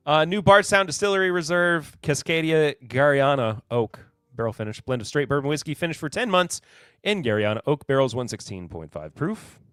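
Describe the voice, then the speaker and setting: A man's voice: a little high, expressive, normal speed, a bit bright, clear, resonant tone, dry recording, clean studio sound, soft background music. Sarcastic man hosting a live whiskey podcast. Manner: rambling, sarcastic, self-deprecating. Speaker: podcast host. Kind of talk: casual live-stream whiskey chat.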